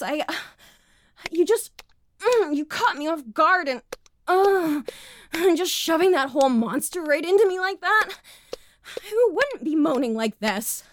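A woman's voice: sits high, fairly bright tone, full character voice. A woman playing a cocky tomboy best friend. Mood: taunting. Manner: teasing, swears casually, gasping and breathless. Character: teasing, foul-mouthed young tomboy woman, a best friend. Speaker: audio role-play performer. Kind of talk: adult audio role-play.

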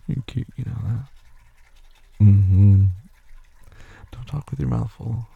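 A caring young boyfriend, played by a man, talks slowly and gently in a deep, gravelly voice, reassuring and softly teasing his sleepy partner. The voice is husky and dark, in a slightly dull lo-fi recording of a boyfriend role-play audio. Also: exaggerated voice. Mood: tender.

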